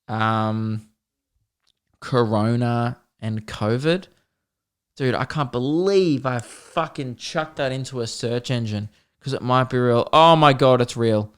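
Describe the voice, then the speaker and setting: A man's voice: mid-range voice, smooth. A man in his twenties with an Australian accent, hosting a solo comedy podcast in a sweary, rambling, self-deprecating way.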